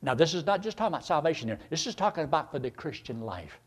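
An older preacher man delivering a sermon with a fairly high, very lively voice. He swings from quiet, low asides to loud, soaring phrases, and his pitch leaps as he builds. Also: fast talker, slightly rough.

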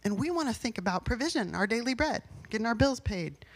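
A woman's voice: fairly high pitch, animated, fast. A woman pastor giving a sermon in a personal, conversational way, rising into emphatic bursts.

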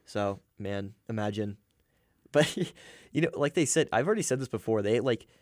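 A young man co-hosting a casual sports podcast, chatty and quick to laugh, with lots of fillers. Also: fairly low pitch, lively intonation, darkish tone, no room sound, studio quality. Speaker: podcast co-host.

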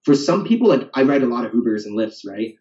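With big swings in pitch around a medium register, the coach speaks fast and warmly in a casual podcast conversation. He rambles on and finishes points with "right?". Audio is lo-fi, dull, roomy and far off.

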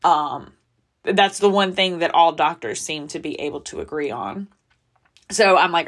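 A woman's voice: low-pitched, expressive, unhurried. A woman talks openly on her podcast, candid and emotional. She sounds close to tears as she goes, in an unscripted confessional way. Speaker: podcast host. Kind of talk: personal confessional podcast talk.

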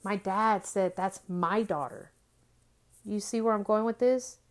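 A middle-aged woman sharing her testimony, telling the story with lively acted-out dialogue. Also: mid-range voice, a little slow. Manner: animated storytelling, acting out dialogue. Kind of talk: testimony talk.

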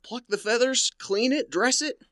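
A bashful, fumbling schoolteacher. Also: male voice, very high-pitched, normal speed, fairly bright tone, dry recording, clean studio sound. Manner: hesitant, fumbling. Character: shy, awkward male biology teacher. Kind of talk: 1950s radio comedy acting.

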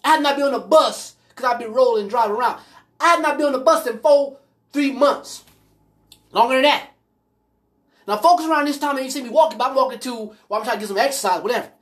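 A woman hosting a podcast, telling personal stories in a blunt, profane, animated way. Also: high voice, fast talker. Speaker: podcast host. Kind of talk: casual monologue storytelling.

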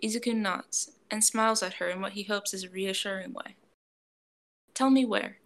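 A woman narrating a fan fiction audiobook, reading in a gentle, even way and voicing a soft-spoken young man's lines. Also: medium pitch, fairly quick.

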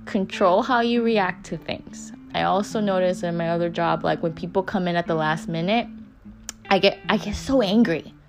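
Over background music, a young woman hosting a podcast gives a candid pep talk, swearing freely and repeating phrases for emphasis. She speaks at a moderate pace in a voice on the low side.

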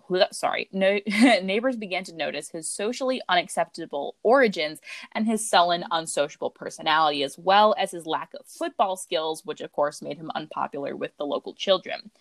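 An American woman hosting a casual podcast, chatty, with lots of fillers and quick jokes. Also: fairly low pitch, no room sound. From United States. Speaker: podcast host. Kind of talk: casual true-crime chat.

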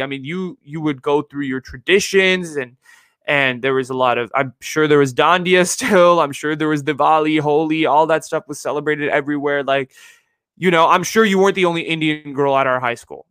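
Rambling young man, bright voice. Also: fairly high pitch, moderate pace, clean tone, no echo, clean studio sound. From San Francisco Bay Area. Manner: rambling, repeats himself, heavy on "like" and "you know". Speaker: podcast host. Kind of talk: casual one-sided podcast monologue.

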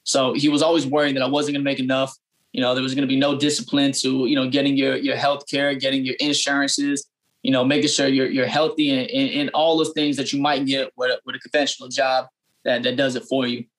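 A man's voice: medium pitch, little pitch movement, brisk, fairly bright tone. A young adult man, a barber, telling his story in an interview, earnest and full of fillers and restarts. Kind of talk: casual storytelling interview answer.

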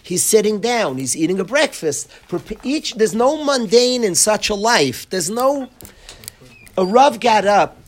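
A man's voice: high voice, big pitch swings, unhurried. Guy giving a torah class, earnest, keeps repeating himself. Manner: earnest, repetitive, uses Yiddish and Hebrew terms. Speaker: rabbi teaching in a yeshiva. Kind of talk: Torah lecture.

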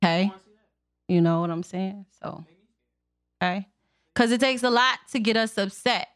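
A woman's voice: mid-range voice, normal speed. A young woman in casual chat, talking loosely in slang and laughing often.

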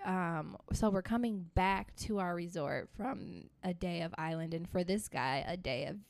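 Relaxed young woman with a lowish voice. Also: measured pace, creaky, no echo. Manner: relaxed, chatty, many fillers. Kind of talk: casual chat.

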